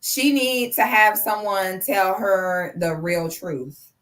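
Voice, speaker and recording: A woman's voice: mid-range voice, animated, slow, fairly bright tone. A woman in her thirties giving blunt, profane, sarcastic commentary on a live stream. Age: 30s.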